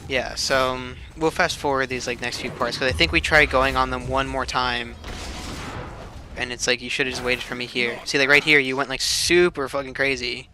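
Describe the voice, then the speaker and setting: A man's voice: medium pitch, little pitch movement, moderate pace, sharp tone, faint music behind. A young man casually talking over a match replay, swearing a lot, filling his talk with "like" and laughing often. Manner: loose and profane, heavy filler "like", laughs often. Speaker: streamer reviewing his team's match. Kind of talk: casual game replay commentary.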